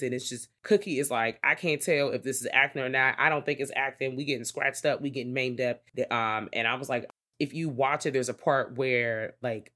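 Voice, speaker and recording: A woman co-hosting a podcast in casual film chat, rambling and swearing freely. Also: low voice. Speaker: podcast co-host.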